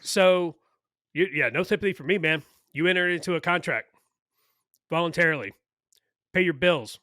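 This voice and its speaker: A man's voice: fairly high pitch, moderate pace, bright, forceful tone, dry recording, clean studio sound. A man co-hosting a podcast, ranting bluntly and crudely in casual political chat. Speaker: podcast co-host.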